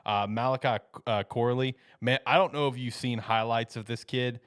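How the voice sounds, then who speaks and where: A man's voice: mid-range voice, fairly even intonation, moderate pace, a bit bright, no echo, clean studio sound. A man co-hosting a football show, talking enthusiastically and emphatically about draft picks in casual chat.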